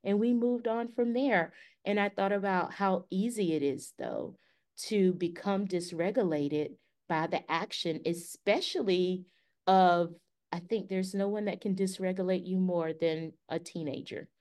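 Brief: female podcast co-host, fairly low voice, animated storyteller who acts out dialogue. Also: measured pace. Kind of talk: casual storytelling.

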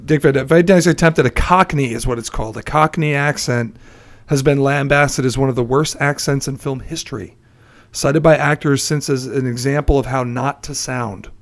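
A man co-hosting a podcast, telling film trivia in a relaxed, chatty way with fillers. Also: medium pitch. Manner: chatty storyteller, many fillers and laughs. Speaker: podcast co-host.

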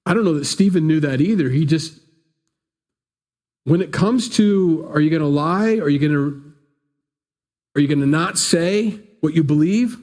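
A man preaching a conversational sermon into a microphone in a small church room, animated and acting out different voices. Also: on the high side, normal speed, pauses often. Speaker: pastor. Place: church room, not big. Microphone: pulpit microphone.

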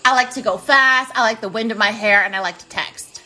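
A woman's voice: a little high, a little fast, sharp tone, faint music behind. A woman in her twenties hosting a podcast from her kitchen, telling stories in a blunt, profane, self-mocking way. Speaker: podcast host. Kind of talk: casual storytelling monologue. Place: home kitchen.

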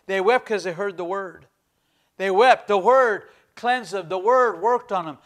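A man's voice: high voice, measured pace. A man preaching a sermon as pastor, fervent and emphatic, repeating phrases for stress.

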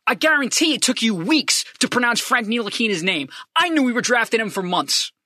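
In a clean studio recording with no room sound, a podcast host with a very high voice launches into a profane, fired-up sports fan rant at a fairly quick clip. He leans on lots of repeated emphasis and swings lively between loud and hushed.

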